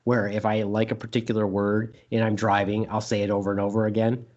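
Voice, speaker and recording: A man's voice: on the low side, monotone, fairly quick, darkish tone. Rambling man on a podcast, lo-fi. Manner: rambling, repeats funny words in silly voices. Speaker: podcast co-host. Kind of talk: casual chat.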